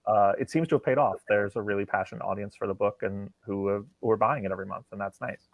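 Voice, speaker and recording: A man's voice: fairly low pitch, fast, dry recording. Man telling stories, dull dry sound. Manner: animated, acts out quoted dialogue. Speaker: comic writer guest. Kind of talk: conversational storytelling interview.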